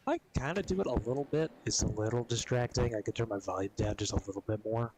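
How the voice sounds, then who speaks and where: Gamer guy on stream, lowish voice, swears a ton, keeps coughing and clearing his throat. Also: fairly quick, noisy background. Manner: profane, rambling, laid-back. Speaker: gaming streamer. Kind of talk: casual stream chat.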